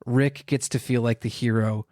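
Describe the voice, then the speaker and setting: A man co-hosting a casual film podcast, weighing his points thoughtfully with the odd "um". His pitch is an everyday middle. The sound is close and dry. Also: fairly even intonation, moderate pace, dark tone, no echo. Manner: thoughtful, analytical, with fillers. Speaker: podcast co-host.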